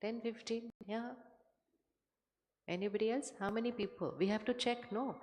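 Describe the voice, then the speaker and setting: A woman giving a spiritual talk to a live audience, measured and conversational, often putting questions to the listeners. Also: a little high, fairly even intonation, darkish tone. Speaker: spiritual speaker. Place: large hall with an audience. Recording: hall reverb from a stage mic.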